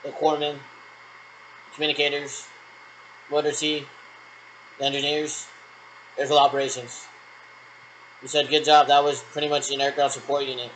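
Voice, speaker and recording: A man's voice: fairly high pitch, monotone, normal speed, pauses often, fairly bright tone, low-quality recording. A man in the middle of a long radio check, his talk looping and meandering. He leans on clipped military replies over and over. A faint hiss sits under his voice. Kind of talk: rambling one-sided radio check talk.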